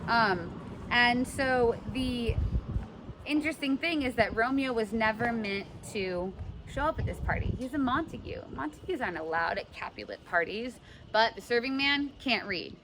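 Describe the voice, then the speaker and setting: A woman's voice: fairly high pitch, animated, normal speed, a bit bright, a little hiss or hum. A young woman teaching a class, explaining a play casually and paraphrasing its lines in modern slang, recorded in a classroom.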